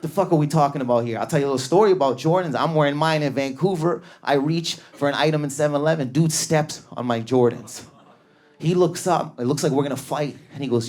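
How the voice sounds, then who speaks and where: A man in his thirties doing an animated stand-up comedy set on a club stage, telling stories with bursts of energy and acted-out voices. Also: a little fast. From Canada. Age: 30s. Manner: high-energy, animated storytelling with sudden volume swings and acted-out voices.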